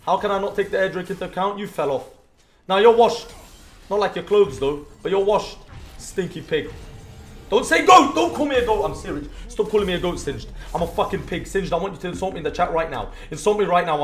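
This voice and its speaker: A young British man, a streamer, giving crude, joking live commentary on his game with sudden shouted outbursts. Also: high voice, fast talker. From Britain. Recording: roomy echo.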